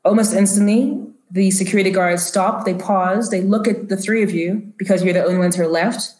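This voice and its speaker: A woman's voice: medium pitch, steady tone, a little fast, a little mellow. A woman narrating a tabletop role-playing game as game master, with a loose, descriptive manner full of fillers. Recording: roomy echo.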